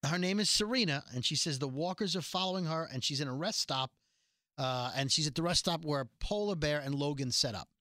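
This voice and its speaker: Bright-voiced chatty man recapping a show. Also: a little high, animated, fairly quick, dry recording, studio quality. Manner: chatty, joking, rambling retelling with asides. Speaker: podcast host recapping a TV episode. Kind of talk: casual chat.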